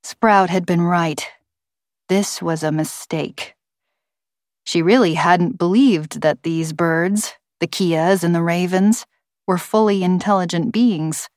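In a fairly low-pitched voice, a woman gives scripted audiobook narration with an even, measured storytelling delivery. The recording is dry and studio quality.

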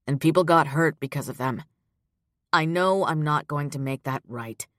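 A woman voicing a remorseful, subdued man who speaks quietly and haltingly to his former partner. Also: low voice, dry recording, studio quality.

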